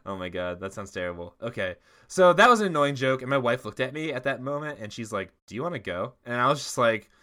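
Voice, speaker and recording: A man's voice: mid-range voice, expressive, fast talker, hardly any pauses, bright, forceful tone. A man co-hosting a podcast, telling a long story in casual chat, full of fillers and laughs. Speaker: podcast co-host.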